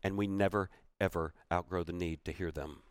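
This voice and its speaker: A man's low voice carries a heartfelt story as a motivational speaker. He presses on key phrases and says them twice for weight. The sound is dry and close, with no room echo. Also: steady tone, moderate pace, smooth. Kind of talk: storytelling keynote speech.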